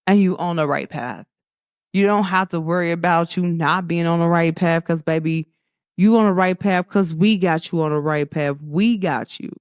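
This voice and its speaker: Lively young woman with a dry close sound. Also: on the low side, moderate pace, dry recording. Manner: animated storytelling, acts out quoted voices, laughs often. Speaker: host. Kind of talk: casual spiritual pep talk.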